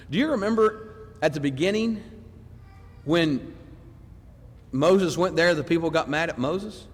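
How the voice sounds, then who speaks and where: Animated preacher in a reverberant church. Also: male voice, on the high side. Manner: animated, swings between loud emphasis and quiet asides; acts out congregants' voices mid-sermon. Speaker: preacher teaching a Bible class. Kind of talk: sermon. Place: church sanctuary.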